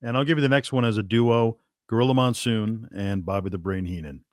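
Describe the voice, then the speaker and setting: A man hosting a podcast, reacting in a lively way and laughing along as his guest tells stories. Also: fairly low pitch, brisk, dry recording, studio quality. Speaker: podcast host. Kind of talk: casual interview chat.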